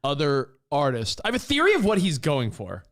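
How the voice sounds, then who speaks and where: Lively man co-hosting radio. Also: a little high, brisk. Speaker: radio show co-host. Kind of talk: casual radio banter.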